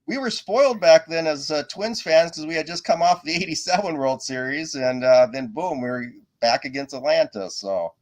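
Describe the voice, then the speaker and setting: A man's voice: fairly high pitch, normal speed, hardly any pauses, a little mellow. A man from Minnesota with an Upper Midwest accent, a friendly guest who jokes and laughs easily in casual chat.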